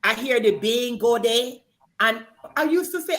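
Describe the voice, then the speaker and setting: Slow-telling Jamaican woman. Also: on the high side, animated, a bit bright. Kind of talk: casual chat.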